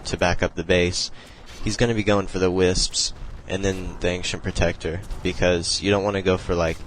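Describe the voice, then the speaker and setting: A young man with a deep voice and very little rise and fall talks through a strategy game replay at home. His explaining is loose and rambling, full of fillers and restarts. A faint hiss sits under the recording. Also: little pitch movement, normal speed, low-quality recording. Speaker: replay commentator. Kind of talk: casual strategy game commentary.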